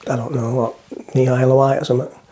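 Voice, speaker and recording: A man's voice: medium pitch, flat delivery, quick pace, dark tone. Rambling middle-aged man, chatty and self-mocking. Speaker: vlogger. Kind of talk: casual chat to camera, joke-telling. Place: on the front of a boat, outdoors.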